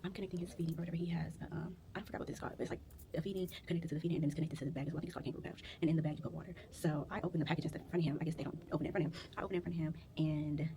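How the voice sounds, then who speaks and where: A young adult woman who works as a licensed vocational nurse, chatting casually to camera in a vlog and retelling her day in animated, quick bursts. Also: low voice, background noise.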